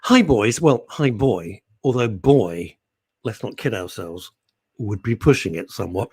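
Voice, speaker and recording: A man's voice: on the low side, animated, a little slow, warm tone, husky, no room sound. A middle-aged man, hosting live talk radio and reading out listener comments in a playful, teasing way. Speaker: radio show host.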